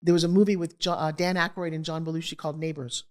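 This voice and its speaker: Animated middle-aged woman telling her story. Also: low voice, quick pace. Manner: animated, acts out quoted voices. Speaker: guest. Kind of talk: candid storytelling interview.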